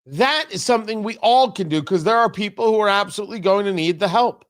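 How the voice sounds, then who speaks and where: Hosting a political talk show on radio, a middle-aged man talks fast in a high-pitched voice. He's emphatic and sarcastic, driving his points home by repeating lines.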